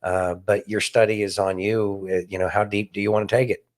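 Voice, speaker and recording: Low-voiced sarcastic male podcast host. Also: level tone, fairly quick. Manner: wry, sarcastic commentary. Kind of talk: casual chat.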